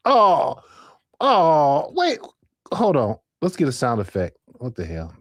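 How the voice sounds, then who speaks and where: A man hosting a late-night live stream, rambling, laughing and thinking out loud. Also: on the high side, wildly swooping pitch, takes it slowly, no echo.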